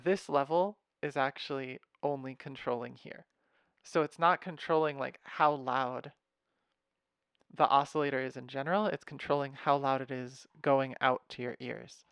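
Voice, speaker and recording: A young man casually walking through his music software patch, thinking aloud with fillers and wry asides, recorded at his computer. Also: medium pitch, fairly even intonation, normal speed, clear, resonant tone, no room sound. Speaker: music software tutorial host. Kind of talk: casual screen-share walkthrough.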